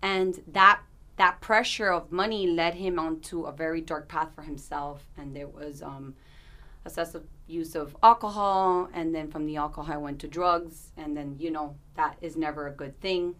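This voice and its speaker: A woman's voice: low voice, fairly even intonation, normal speed, bright, forceful tone. A woman in her thirties, an interview guest, telling a personal story in an earnest, candid way, with restarts and asides.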